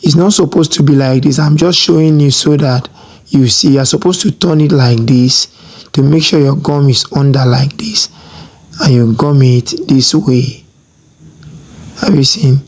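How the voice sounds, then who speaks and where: A sewing tutor giving a slow, step-by-step tutorial, checking in with viewers again and again and stressing each technique. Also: mid-range voice, a little mellow. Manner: slow, repeats "have you seen?" often; instructive, emphatic on technique.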